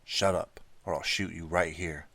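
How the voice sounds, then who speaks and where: A man reading an audiobook, voicing a menacing teenage girl who holds a captive at gunpoint, slow and quiet. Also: deep voice, fairly even intonation, dry recording, full character voice. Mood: cold menace.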